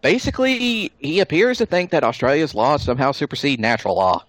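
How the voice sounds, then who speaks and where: A man's voice: on the high side, animated, fairly quick, dry recording. A man hosting a casual podcast chat, joking and sarcastic as he talks with his co-hosts. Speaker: podcast host.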